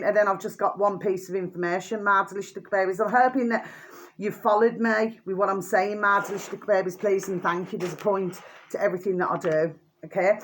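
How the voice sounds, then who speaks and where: A woman's voice: mid-range voice, a bit bright. Chatty older woman, doting and rambling. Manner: chatty and doting, with many fillers and repeated pet names. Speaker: vlogger. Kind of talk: casual show-and-tell vlog.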